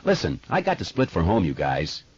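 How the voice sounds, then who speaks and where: A man's voice: deep voice, wildly swooping pitch, fairly quick, slightly rough, dull audio, heavily acted. A man voicing a shy, earnest eleven-year-old boy who talks plainly, in an audiobook.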